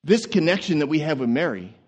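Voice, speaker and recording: A man voicing a calm, fatherly male deity thinking aloud in measured tones. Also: on the high side, dull audio, voice pushed down. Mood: musing.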